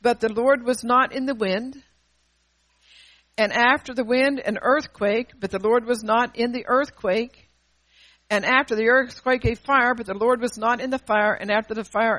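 Animated woman preaching a sermon. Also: on the high side, normal speed, no room sound, low-quality recording. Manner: animated, swings between loud and hushed; call-and-response asides.

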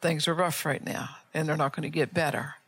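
A woman's voice: deep voice, fairly even intonation, brisk, husky, no room sound. An older woman preaching a fervent sermon, firing off rhetorical questions and often restarting or repeating her words as she builds to an altar call.

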